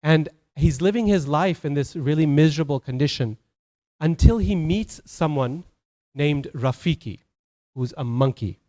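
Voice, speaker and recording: A man's voice: on the high side, lively intonation, measured pace, mellow. A man giving a Sunday sermon as a temple speaker, telling stories conversationally, with many fillers and restarts.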